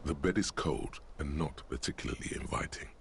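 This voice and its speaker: A man's voice: extremely low pitch, a little fast, creaky, a little hiss or hum. A man narrating a video game in a wry, sardonic tone. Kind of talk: scripted narration.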